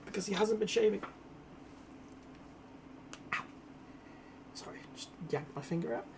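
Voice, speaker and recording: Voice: medium pitch, unhurried, creaky, a little hiss or hum. A player in a tabletop game, talking casually and joking playfully.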